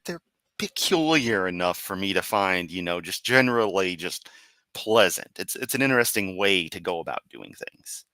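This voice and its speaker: A man's voice: sits low, animated, moderate pace, bright, forceful tone, dry recording. A tired man streaming live, reading and mocking comments in a sarcastic, rambling way. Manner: sarcastic, rambling, with laughs and restarts. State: tired, yawning.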